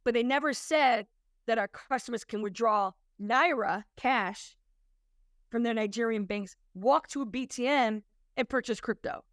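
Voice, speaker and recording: A woman's voice: fairly high pitch, a little slow, fairly bright tone, no echo, studio quality. A woman working as a compliance consultant, talking to an audience in an emphatic, conversational storytelling way. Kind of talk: presentation to an audience.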